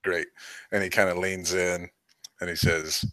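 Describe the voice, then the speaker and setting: A man's voice: low voice, flat delivery, unhurried, fairly bright tone, no echo. A man narrating a tabletop game as game master, in a loose, hedging way.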